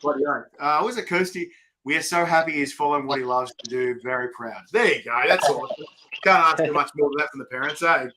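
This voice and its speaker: A man's voice: on the high side, a little fast, noisy background. A man with an Australian accent hosting a casual live-stream interview, chatty and slangy, laughing often. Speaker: host.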